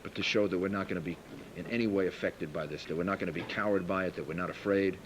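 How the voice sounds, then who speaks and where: A man's voice: sits low, fast. A man speaking firmly and defiantly at a press conference, as a mayor addressing the public. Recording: noisy press conference clip.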